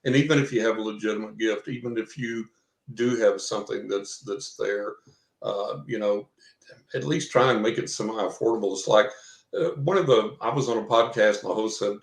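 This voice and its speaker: A man's voice: on the low side, moderate pace, gravelly. An older man, a guest psychic, chatting casually in a folksy, chuckling way and acting out the dialogue he quotes. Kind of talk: casual interview chat. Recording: roomy echo.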